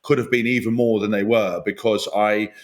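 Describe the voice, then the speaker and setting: A former rugby player co-hosting a rugby podcast talks candidly and reflectively about his playing days in casual chat. His voice is fairly low, with fairly even intonation and a moderate pace.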